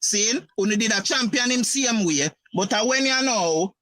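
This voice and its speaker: A man's voice: high-pitched, lively intonation, moderate pace, fairly bright tone, no room sound. A Jamaican man arguing insistently in a heated casual debate on a panel. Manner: argumentative, insistent, interrupts.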